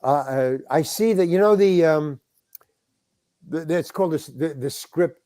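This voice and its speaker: A man's voice: a little high, normal speed, warm tone, no echo, clean studio sound. An older man telling a rambling story in casual talk, restarting his sentences and acting out the voices of the people in it. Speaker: guest actor telling a story. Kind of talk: casual anecdote.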